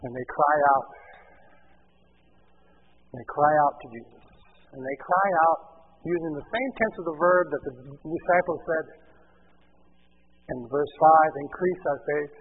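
A man with a high, husky voice preaches a sermon, reading scripture and explaining it, and raising his voice to stress key points. The sound is narrow and tinny, like a radio broadcast heard over a phone line. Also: measured pace, pauses often.

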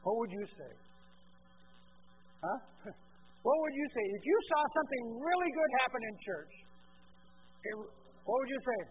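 A man preaching a sermon, asking the congregation questions and swinging from quiet asides to loud exclamations. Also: very high voice, expressive, unhurried, pauses often, narrow, tinny audio, a little hiss or hum.

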